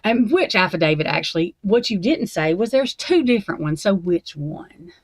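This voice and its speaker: A woman's voice: fairly low pitch, lively intonation, moderate pace, dry recording. A woman at her desk at home, ranting angrily and swearing as she reacts to true crime documents. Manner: angry, profane ranting.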